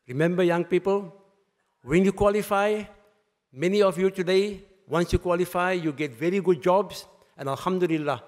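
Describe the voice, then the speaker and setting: A man from South Africa giving a Friday sermon at a mosque, emphatic, repeating key phrases for weight. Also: on the high side. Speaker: mosque speaker. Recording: reverberant mosque hall.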